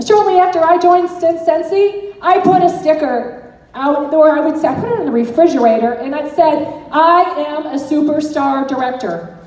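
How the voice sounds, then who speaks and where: Middle-aged woman, high voice, earnest motivational speaker, recorded from far off in a hall. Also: a little mellow. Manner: earnest, encouraging storyteller. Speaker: direct sales team director. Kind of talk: motivational talk to an audience.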